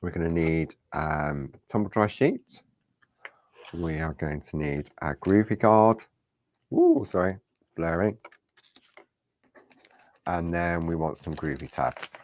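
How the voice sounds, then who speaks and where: A man's voice: low voice, slow, pauses often, a little mellow. A middle-aged man leading a live crafting tutorial, chatty and reassuring, talking straight to his viewers. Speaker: crafting demonstrator.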